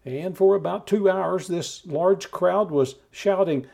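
A man preaching a steady, measured Bible teaching, talking the listener through scripture. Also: high voice, creaky. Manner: calm measured teaching with occasional restarts.

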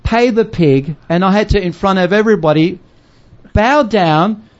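A man's voice: high voice, expressive, moderate pace. An older man, a missionary, telling a story in a casual chat, acting out voices and laughing often. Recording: dull lo-fi sound.

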